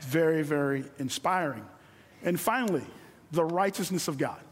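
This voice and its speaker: A middle-aged man preaching a sermon from a stage, earnest and repeating phrases for emphasis, slowing down on key lines. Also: on the high side. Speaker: guest preacher. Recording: long hall reverb.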